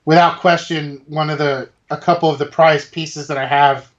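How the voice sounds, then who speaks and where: A man talks through a casual co-hosted show, his voice sitting slightly high for a man. He stumbles and restarts often but stays enthusiastic. The recording sounds dull and lo-fi. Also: steady tone. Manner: halting, many restarts, enthusiastic about collectibles. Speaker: podcast co-host. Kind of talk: casual chat.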